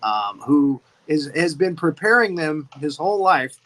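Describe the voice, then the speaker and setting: Bright, lively-voiced man chatting about a movie. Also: on the high side, unhurried, low-quality recording. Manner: rambling, laughs often, repeats words. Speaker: host. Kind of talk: casual movie discussion.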